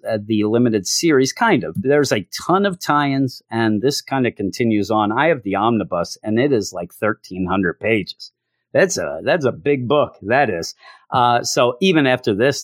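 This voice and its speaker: A man's voice: mid-range voice, no room sound, clean studio sound. A man giving a rambling, casual comic book review and often acting out the characters' lines as he goes.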